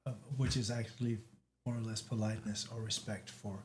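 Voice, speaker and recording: A man's voice: lowish voice, level tone, slight background noise. Danish guy chatting on a talk show, lots of restarts and uhs, english not his first language. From Denmark. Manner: halting, many restarts and fillers. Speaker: guest. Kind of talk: casual chat.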